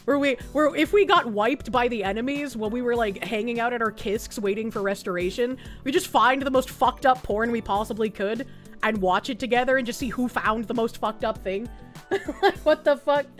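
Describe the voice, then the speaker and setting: Over faint background music, a woman with a slightly high voice talks at normal speed. She's a Boston-accented livestreamer reading chat, swearing casually, thanking viewers and laughing a lot.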